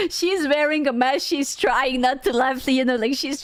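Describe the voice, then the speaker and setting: A young woman streamer telling a story casually to her chat, animated, laughing often and swearing freely. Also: sits high, moderate pace, few pauses, no echo, studio quality. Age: young adult.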